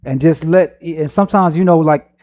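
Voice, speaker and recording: A man's voice: a little high, moderate pace, warm tone. A man leading a church question-and-answer session in a casual, joking way, using slang, laughing often, and acting out little quotes. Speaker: church Q&A leader. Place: church meeting room with a microphone.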